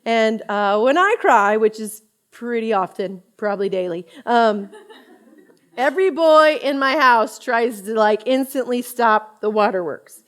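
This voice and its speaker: Woman, thirties, fairly high voice, chatty Bible study teacher, expressive and laughing. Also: unhurried.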